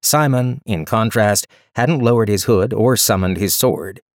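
A man narrating an audiobook in a measured, steady way. His voice is on the low side. The recording is dry and close, with no room sound. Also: no echo.

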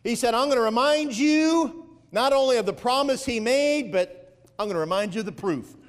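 High-voiced preacher in a reverberant church. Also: male voice, expressive. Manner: preaching with swelling emphasis and drawn-out phrases. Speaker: pastor. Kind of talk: sermon. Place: church sanctuary.

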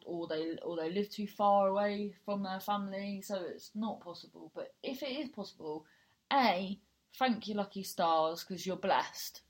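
Blunt, sweary woman chatting. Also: mid-range voice. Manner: blunt and frank, swears freely, rambling with many restarts, laughs easily. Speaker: podcast host. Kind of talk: casual, sweary monologue.

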